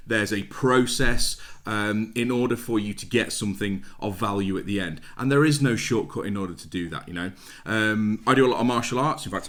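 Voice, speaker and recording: A middle-aged British man talking casually to camera, blunt and plain-spoken, repeating his points for emphasis. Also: mid-range voice. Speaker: network marketing vlogger. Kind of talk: casual motivational talk to camera.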